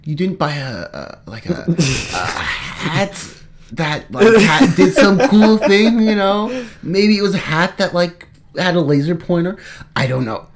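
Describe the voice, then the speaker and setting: A man co-hosting a podcast in casual chat, animated and joking, often laughing. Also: high-pitched, a little slow. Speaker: podcast co-host.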